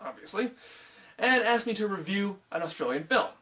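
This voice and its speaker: High-voiced sarcastic American film reviewer. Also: male voice, lively intonation, normal speed, sharp tone. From United States. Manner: sarcastic, self-mocking. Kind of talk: comedic video review.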